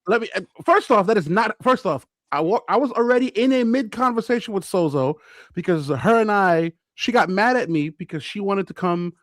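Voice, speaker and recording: High, lively New man. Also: fairly quick, no echo. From Brooklyn, New York. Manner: animated, boastful storytelling with acted-out quotes. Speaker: podcast co-host. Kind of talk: casual chat.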